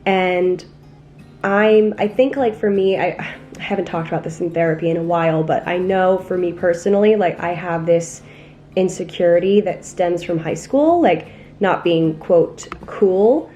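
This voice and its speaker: A woman's voice: lowish voice, a little slow, dark tone, muffled recording, faint music behind. A young woman vlogging in a casual, candid and self-deprecating way, rambling through her thoughts at home. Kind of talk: casual confessional vlog talk. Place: apartment in the city.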